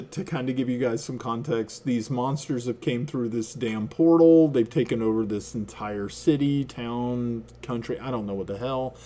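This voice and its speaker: Animated, swearing man telling a story. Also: mid-range voice. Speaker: stream host. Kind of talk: casual chat.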